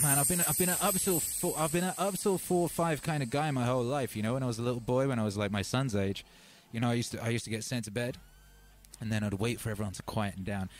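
A man hosting a live music stream, rambling in casual chat and calling out to viewers as brothers and sisters. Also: mid-range voice.

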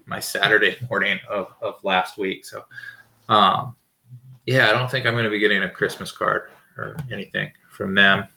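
A man's voice: lowish voice, sharp tone. A man in his thirties hosting a podcast from home, telling rambling stories with lots of fillers and swearing. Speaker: podcast host. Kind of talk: casual storytelling monologue. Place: home with dogs barking nearby.

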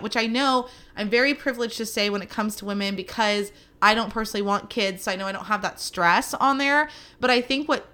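She is a woman around thirty who hosts her own podcast and talks in a relaxed, casual way. Her voice is bright and sits slightly high. She tells animated stories, full of quick asides. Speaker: podcast host. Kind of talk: casual solo podcast chat.

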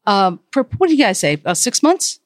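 A woman's voice: medium pitch, big pitch swings, fairly quick, no echo, studio quality. A woman hosting her podcast in upbeat, chatty conversation with guests. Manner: upbeat and chatty, laughs easily. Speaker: podcast host. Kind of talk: casual interview chat.

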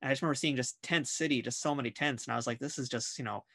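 Very fast-talking male podcast host. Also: medium pitch, gravelly, bright, forceful tone. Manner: rambling, friendly, thanking the guest. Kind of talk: casual interview.

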